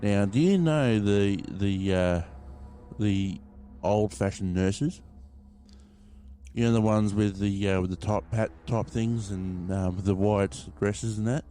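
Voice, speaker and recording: A man's voice: fairly low pitch, takes it slowly, warm tone, soft background music. A man hosting a podcast, rambling casually through a story and swearing freely as he talks to his listeners. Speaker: podcast host.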